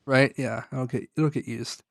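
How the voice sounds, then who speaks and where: A man's voice: medium pitch, steady tone, normal speed, vocal fry, dry recording, studio quality. A man co-hosting a podcast in casual chat, joking and swearing freely as he reads through a story. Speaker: podcast co-host.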